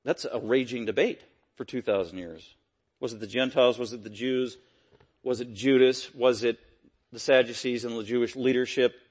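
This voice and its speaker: A man preaching an expository sermon, emphatic and repetitive, swinging from loud peaks to quiet low lines. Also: fairly even intonation, moderate pace, slightly rough. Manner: repetitive, stressing key phrases.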